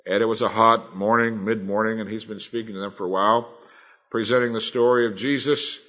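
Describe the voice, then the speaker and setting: A man preaching a sermon, earnest and emphatic, swinging between loud and soft. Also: fairly low pitch, steady tone, a little fast, muffled recording.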